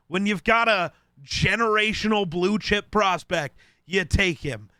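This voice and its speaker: A man co-hosting a casual sports podcast, blunt and quick to swear as he teases the others. His voice is bright and smooth, and it is recorded dry and close. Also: high voice, no echo. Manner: blunt and profane, teasing. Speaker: podcast co-host.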